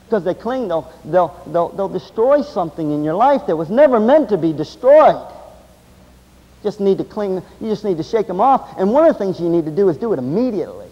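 A man preaching a sermon, swinging between loud, intense passages and low, quiet stretches. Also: sing-song, a little fast, highs cut off. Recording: long hall reverb.

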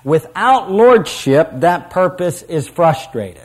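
A middle-aged man preaching a sermon with emphasis, circling back to repeat his key phrases. His voice sits a little higher than most men's. He slows on the lines he wants to land. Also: expressive.

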